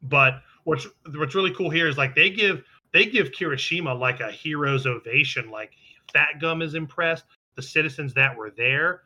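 A man with a very bright, forceful voice, talking a little higher than most men. He recaps episodes in loose, rambling chat full of restarts and swearing. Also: normal speed. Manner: rambling, profane, quotes characters in passing. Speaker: podcast co-host recapping an anime. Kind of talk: casual chat.

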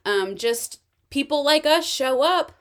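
A woman co-hosting a casual podcast chat, retelling a TV episode with lively acted-out quotes and frequent laughter. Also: sits high, slow. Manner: animated storytelling, acting out quoted lines, laughs often. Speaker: podcast co-host.

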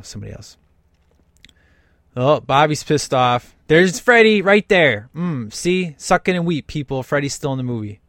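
A man's voice: mid-range voice, fairly bright tone, dry recording, clean studio sound. A man talking through a film in casual commentary, enthusiastic and emphatic with lots of slang.

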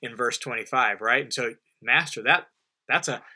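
A man's voice: medium pitch, normal speed, pushed and bright, husky. A man teaching through a Bible passage verse by verse in a conversational, emphatic way, often restarting and repeating phrases for stress. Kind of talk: unscripted Bible commentary.

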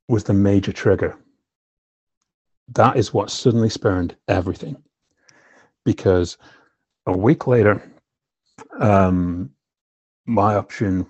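A man's voice: fairly low pitch, darkish tone, slightly rough, dry recording. A filmmaker guest telling his own story candidly and emotionally, swearing often and leaning on "you know". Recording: slightly dull lo-fi recording.

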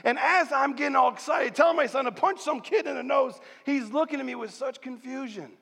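High-voiced middle-aged pastor in a reverberant hall. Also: male voice, fairly quick, vocal fry, breathy edge. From central New York, USA. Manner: animated storytelling, rallying the congregation. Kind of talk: sermon. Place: large church hall.

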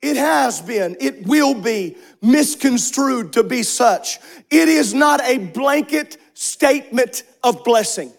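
A man preaching a Sunday sermon, slow and emphatic, repeating phrases and rising to shouts on key words. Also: very high voice, lively intonation. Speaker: pastor. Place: church sanctuary.

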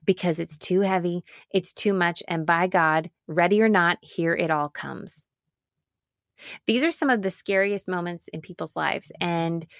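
Woman pastor-speaker, earnest and emphatic, slightly low voice, close and dry. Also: gravelly, dry recording. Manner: earnest, emphatic, with repeated phrases and slow pauses. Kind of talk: reflective spoken talk on grief.

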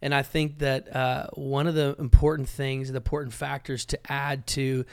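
A man's voice: medium pitch, level tone, moderate pace, vocal fry, clean tone. A man co-hosting a podcast as a pastor, talking casually with blunt jokes and preachy asides.

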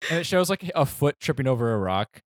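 A man's voice: medium pitch, sing-song, dry recording, clean studio sound. A young man co-hosting a comedy podcast, riffing in rambling bursts and laughing. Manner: quick, rambling riffs with laughter. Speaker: podcast co-host. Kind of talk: casual comedic chat.

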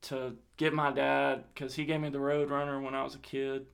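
A man's voice: mid-range voice, normal speed, creaky. Young man, casual storytelling, heavy swearing, quotes people. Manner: swears a lot, animated retelling with quoted dialogue. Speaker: guest telling a personal story.

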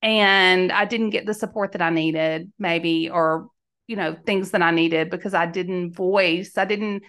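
A middle-aged woman from Mississippi speaks in a Southern accent, hosting her own podcast. She tells a personal anecdote in an animated way, playing out each side of the dialogue. Her voice sits in a middle pitch range. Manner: animated, acts out both sides of dialogue. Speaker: podcast host and life coach. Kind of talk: storytelling monologue.

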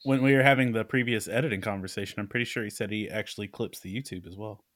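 A man co-hosting a podcast in casual chat, answering with dry, deadpan quips. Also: on the low side, quick pace. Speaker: podcast co-host.

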